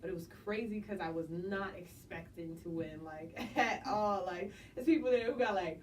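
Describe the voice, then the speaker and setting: A young woman from New Jersey, guest artist in a casual interview, laid-back and quick to laugh, saying "like" a lot. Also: on the low side, a little mellow. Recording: distant mic with faint noise.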